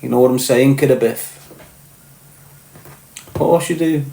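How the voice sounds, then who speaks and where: A man's voice: mid-range voice, measured pace, gravelly, warm tone, slight background noise. A middle-aged man with a Liverpool accent, hosting a live stream and telling crude, boastful, profane stories while answering viewers by name. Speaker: livestream host. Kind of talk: crude casual storytelling to live chat. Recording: roomy echo.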